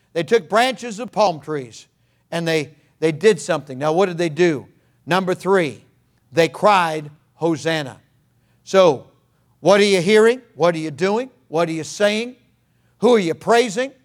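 A fervent preacher with a high voice, delivering a sermon that climbs into shouted peaks. He is a man leading his congregation as pastor.

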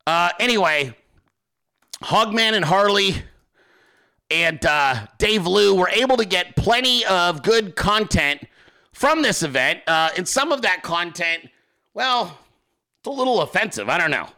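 A man's voice: sits high, lively intonation, measured pace, pushed and bright. A man hosting a political commentary show, ranting in a crude, sarcastic way with constant swearing and frequent asides to his listeners. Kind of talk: profane unscripted rant.

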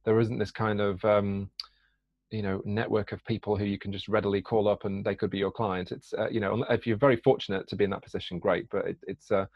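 A man's voice: fairly low pitch, flat delivery, fairly quick, darkish tone, no room sound. A man from Britain, a coach and podcast guest, talking in a hesitant way with many fillers and restarts, on a dull lo-fi recording. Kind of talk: conversational podcast interview. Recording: dull lo-fi dry sound.

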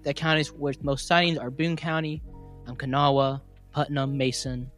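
Giggling often while reading his notes, a young West Virginian man co-hosts a casual podcast about cryptid stories. His voice is a little high and fairly bright, with flat delivery at normal speed, and faint music plays behind him.

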